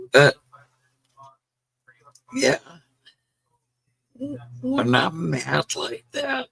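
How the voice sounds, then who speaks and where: A woman's voice: fairly low pitch, gravelly, fairly bright tone, slightly rough, poor audio. A middle-aged woman hosting a livestream, telling stories in casual chat and laughing often. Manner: chatty storyteller, laughs often. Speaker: livestream host.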